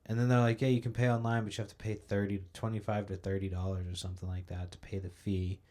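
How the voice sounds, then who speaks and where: A man's voice: on the low side, level tone, fast talker, mellow. A young man hosting a podcast, ranting in a casual, profane, rambling monologue and sounding a little sleepy. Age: young adult. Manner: profane, ranting, loose storytelling. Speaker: podcast host.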